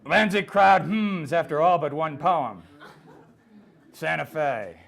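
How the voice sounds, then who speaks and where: A man, a poet, giving a live humorous poetry reading with deadpan, rhythmic comic delivery. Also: on the high side, slow pace, creaky.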